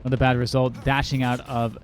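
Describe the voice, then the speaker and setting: A young man casting an esports match play-by-play, brisk and light-hearted, with self-deprecating jokes. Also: mid-range voice, flat delivery, faint music behind. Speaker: esports caster. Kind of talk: play-by-play commentary. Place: lives in California, casting remotely from London.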